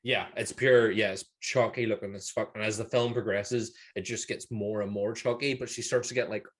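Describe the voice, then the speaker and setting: A man's voice: fairly low pitch, steady tone, moderate pace. Northern Irish man, podcast co-host, rambling casual recap, foul-mouthed. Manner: rambling, laughing, swears freely. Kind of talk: casual film review chat.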